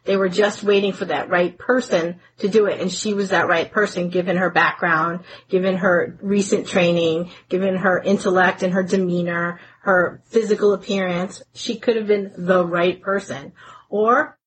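A woman's voice: lowish voice, steady tone, normal speed, a little hiss or hum, low-quality recording. A woman co-hosting a casual chat, often agreeing and adding her own thoughts. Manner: supportive, frequent agreeing interjections. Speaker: podcast co-host.

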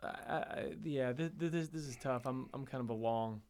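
A man's voice: medium pitch, moderate pace, a little mellow. A man speaking as a podcast guest, hesitant and stammering as he searches for words. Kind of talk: casual chat.

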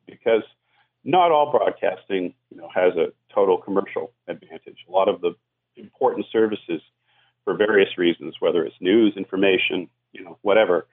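A man's voice: deep voice, normal speed, slightly rough, narrow, tinny audio. A man explaining media policy as a guest on a radio call-in show, talking at length with many fillers. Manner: explanatory, frequent "you know" fillers.

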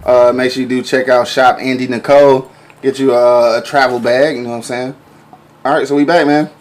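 A man hosts a live show, talking in loose, slangy banter and reading comments aloud. His voice is mid-pitched and plain. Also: flat delivery, a little fast. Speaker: host. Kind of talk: casual radio show chat.

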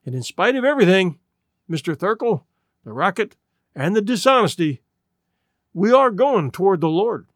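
Man reading elderly woman space traveler, soft, reverent, wistful, high voice, close dry sound, storybook reading. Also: sing-song, normal speed, long pauses, dry recording.

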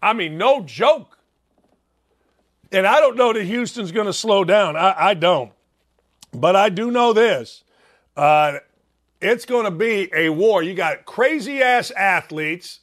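A man's voice: sits high, lively intonation, slow, long pauses, fairly bright tone. Blunt, brash man with a Chicago accent. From Northwest Indiana. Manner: blunt, brash, self-mocking. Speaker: sports radio host. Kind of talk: sports talk monologue.

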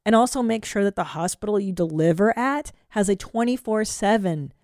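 A woman's voice: medium pitch, normal speed, dry recording, studio quality. Blunt, profane woman podcast host. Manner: blunt, profane, animated storytelling. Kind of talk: casual chat.

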